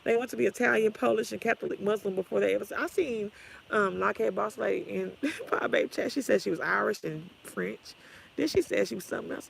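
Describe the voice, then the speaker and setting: Woman vlogger with a heavily gravelly voice delivering a profane, sassy livestream rant. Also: medium pitch, quick pace, a little hiss or hum, poor audio. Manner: blunt, sassy, trash-talking. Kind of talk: profane ranting livestream talk.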